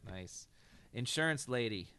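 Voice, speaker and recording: A man's voice: mid-range voice, lively intonation, a little slow, pushed and bright, smooth. A man hosting a casual quiz, reading slogans and teasing the contestants. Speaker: quiz host.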